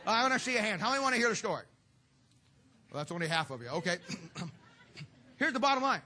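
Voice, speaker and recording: A man's voice: high-pitched, big pitch swings, a little fast, sharp tone, a little hiss or hum. A middle-aged man preaching a humorous sermon to a church audience, telling stories with folksy, sarcastic asides.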